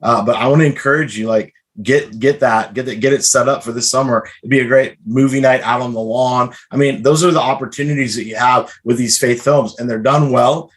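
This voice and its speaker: Male podcast host, mid-pitched, chatty and casual, loose fillers. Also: fairly even intonation, a little fast, few pauses. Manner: chatty, restarts with many fillers. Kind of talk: casual interview chat.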